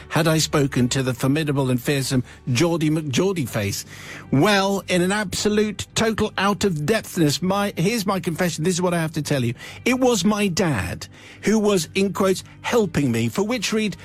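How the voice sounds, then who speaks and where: A male radio host reading out a listener's confession, with wry, playful asides. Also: on the high side.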